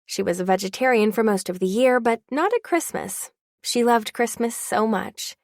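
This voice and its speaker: Young woman reading an audiobook, wry and confiding, bit of vocal fry, dry close sound. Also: a little high, expressive, normal speed, dry recording. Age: young adult. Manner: wry, confiding first-person voice. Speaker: audiobook narrator. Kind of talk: first-person audiobook narration.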